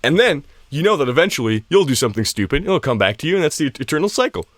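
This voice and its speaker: A young man in casual podcast chat whose pitch swings widely as he laughs and acts out quotes. His voice is recorded close and dry, with no room sound. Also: very animated, racing, no room sound. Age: young adult. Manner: laughing often, acting out quotes in swearing banter. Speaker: podcast co-host.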